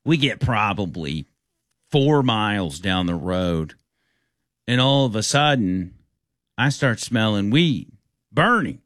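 A man's voice: fairly low pitch, takes it slowly, pauses often, no room sound, studio quality. A man hosting a radio talk show, telling a story casually and acting out the people in it. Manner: animated, acts out the people in his stories.

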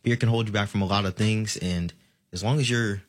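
A man's voice: fairly low pitch, fairly even intonation, a little fast. A man in his late teens, a graduating student, answering radio interview questions hesitantly with fillers and restarts.

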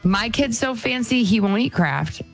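A woman in her thirties co-hosting a casual chat, bubbly and animated in her reactions. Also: a little high, normal speed, gravelly, soft background music. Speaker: co-host.

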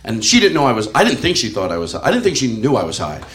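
A man's voice: mid-range voice, huge pitch swings, fast talker, a bit bright. A middle-aged man doing a rambling stand-up comedy routine, chuckling through his own stories with lots of fillers. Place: comedy club stage. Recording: live club recording with room noise.

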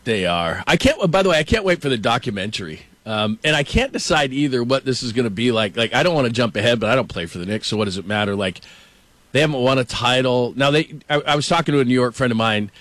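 A middle-aged man talks sports in a loose, casual way, slipping into animated stories. His voice sits at an ordinary pitch for a man. The sound is dry and close, with no room around it. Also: quick pace, no room sound. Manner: storytelling, animated, quotes people. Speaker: sports show host.

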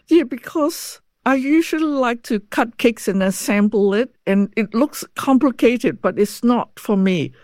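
A woman's voice: on the high side, animated, unhurried, few pauses, darkish tone, no echo. An older woman talks in a chatty, easygoing way, her a little broken. The recording is very dry and close, with no room sound. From Hong Kong. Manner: chatty, laughs easily, slightly broken English. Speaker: interviewee, former home economist. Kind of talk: reminiscing interview.

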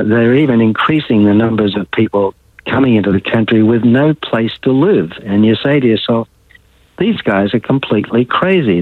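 A man's voice: lowish voice, dry recording. An older Australian man calling into a talk radio show, blunt and rambling as he airs his opinions. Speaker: caller. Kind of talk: casual talk radio call. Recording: tinny phone line.

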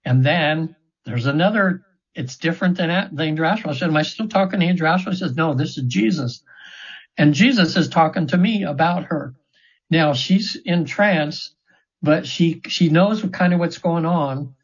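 Husky-voiced man in his seventies. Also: a little high, normal speed. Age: 70s. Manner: earnest, rambling, with frequent restarts. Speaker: interview guest, trance session practitioner. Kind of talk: casual storytelling in an interview. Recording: dull, slightly lo-fi audio.

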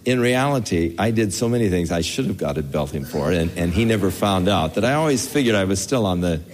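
Folksy older man preaching with lively pitch. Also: brisk. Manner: folksy, storytelling, chuckles as he talks. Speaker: pastor. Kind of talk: conversational Bible teaching sermon.

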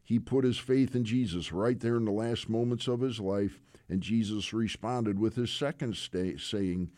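A man preaching a sermon. He speaks earnestly and unhurriedly and often pauses on "uh". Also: on the low side, mellow, no room sound, clean studio sound. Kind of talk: sermon retelling scripture.

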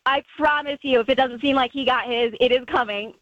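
On a radio call-in, a woman chats through her story, using "like" a lot and voicing quotes. Her high, steady voice moves fairly quickly and sounds a bit bright. The dull, lo-fi phone audio carries a little hiss or hum.

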